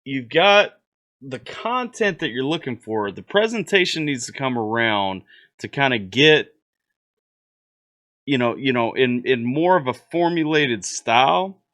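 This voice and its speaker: A man at an ordinary, middle pitch gives a casual spoken review of a song. He rambles, restarts and leans on fillers as he coaches the artist. His critique stays friendly and constructive. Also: expressive, measured pace, a bit bright. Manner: rambling, repeats words, many fillers. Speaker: music reaction host.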